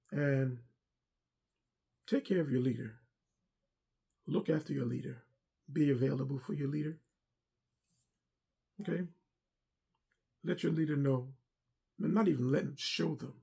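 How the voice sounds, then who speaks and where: In a mid-range, gravelly, slightly husky voice with a mellow, warm tone, a middle-aged former armor bearer and driver to a pastor shares a heartfelt personal testimony. His intonation stays fairly even, his pace is a little slow, and he pauses often. He sounds earnest and preacherly, circling back to the same points again and again.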